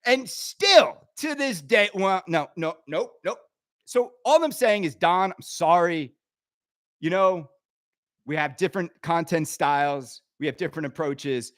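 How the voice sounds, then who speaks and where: A middle-aged man hosting a pinball show, ranting in an animated way that swings from loud outbursts to quiet asides. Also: sits high, unhurried, no room sound, studio quality. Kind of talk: ranting monologue.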